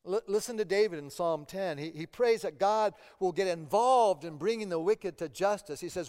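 A man's voice: sits high, moderate pace, hardly any pauses, darkish tone. A man preaching a sermon as pastor, earnest and often repeating words as he presses a point. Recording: long hall reverb.

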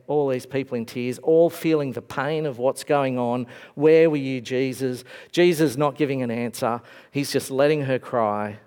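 A man preaching a sermon to a congregation, reflective and conversational, his voice dropping to a hush and then lifting again. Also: medium pitch, smooth. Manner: reflective, swings between raised and hushed voice. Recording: long hall reverb.

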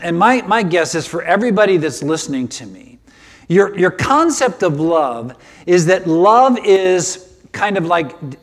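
An older man preaching a sermon, emotional and animated, often repeating himself as he builds his points. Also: sits high. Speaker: pastor.

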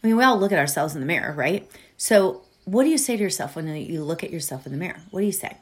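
A middle-aged woman runs a podcast, talking fast in a low, expressive, slightly rough voice. She's warm and chatty, with lots of fillers and asides, as she builds up to leading a meditation.

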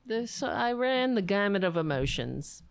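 A middle-aged woman hosting a casual live stream, reading chat messages aloud and chatting in a wry, rambling way with quick asides. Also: mid-range voice, big pitch swings, creaky, smooth, dry recording. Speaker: livestream host reading chat.

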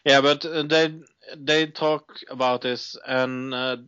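Man, podcast co-host, slow and halting, bright clear voice, dull dry lo-fi mic. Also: mid-range voice, fairly even intonation, no echo. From Norway. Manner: hesitant, many fillers. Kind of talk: casual chat recapping a TV episode.

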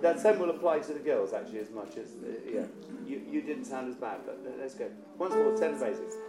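A man's voice: mid-range voice, animated, brisk, loud music behind the voice. A man leading a choir rehearsal, coaching vowels and singing short lines to demonstrate. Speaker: choir director. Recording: roomy echo with faint instrument.

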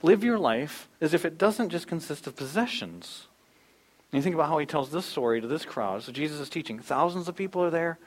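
Chatty storyteller pastor, man, higher voice. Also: expressive, a little fast. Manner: conversational storytelling, acting out quotes. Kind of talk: sermon.

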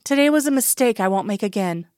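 A woman's voice: mid-range voice, lively intonation, fast, darkish tone, no echo, lightly acted. Scully, tired sick doctor, short guarded answers, dry close sound, a woman reading her. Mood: weary. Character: weary, stubborn woman doctor, seriously ill.

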